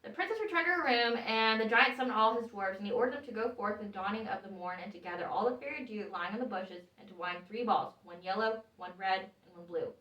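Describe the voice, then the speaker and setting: A woman storyteller reading a fairy tale aloud in an expressive, measured way. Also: medium pitch, highs cut off. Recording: echoey room, voice from far off.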